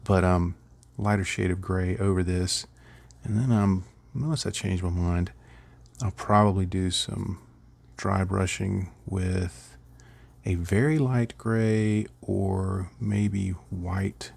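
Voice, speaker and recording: A man's voice: sits low, fairly even intonation, takes it slowly, vocal fry, darkish tone, no room sound. A middle-aged man casually rambling through a miniature painting tutorial, chuckling at his own slips.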